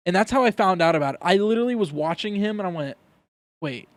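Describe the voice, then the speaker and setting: A young man chatting on a podcast, his voice sitting a little high for a guy. The sound is dry and close with no room around it. He tells stories in a loose, rambling way and often repeats words mid-thought. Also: animated, quick pace, no echo. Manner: storytelling, repeats words while thinking. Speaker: podcast co-host. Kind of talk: casual chat.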